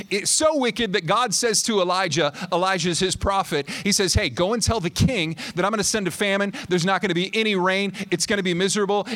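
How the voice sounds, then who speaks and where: Young man, high voice, energetic preacher; plays out dialogue, pushes to near-shouts at the big moments. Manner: animated, acts out quotes, rises to near-shouting climaxes. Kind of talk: sermon.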